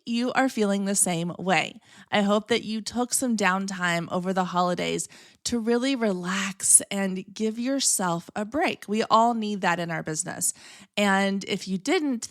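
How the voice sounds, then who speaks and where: A woman's voice: medium pitch, dry recording, studio quality. A woman in her thirties hosting her own podcast, talking in an upbeat, chatty way and admitting she can be long-winded. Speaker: podcast host. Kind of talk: solo podcast talk.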